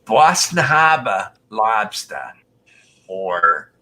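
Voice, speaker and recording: A man's voice: fairly low pitch, very animated, drawn-out words, pushed and bright. A man hosting a casual live stream, chatting with callers and reading viewer comments aloud.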